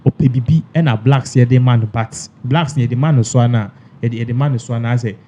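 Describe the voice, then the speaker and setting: A man's voice: mid-range voice, fairly even intonation, fast talker, dark tone, slight background noise. A man commenting in a casual reaction chat, switching between Twi and with stammered restarts. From Ghana.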